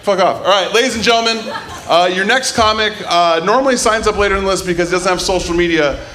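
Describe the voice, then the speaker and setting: A man hosting a comedy show, bantering loudly and teasing the comics on a club stage. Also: high-pitched, fast talker. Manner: loud, teasing emcee banter.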